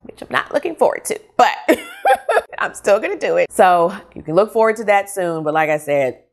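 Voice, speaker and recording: A woman's voice: mid-range voice, big pitch swings, a little fast, vocal fry. A middle-aged woman and mother giving a frank, exasperated book review in a casual vlog.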